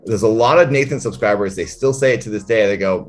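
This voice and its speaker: A man's voice: on the low side, quick pace, few pauses, soft background music. A man talking as a guest in a casual interview, reflective and thinking aloud about his work. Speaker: interview guest, comedian and character performer.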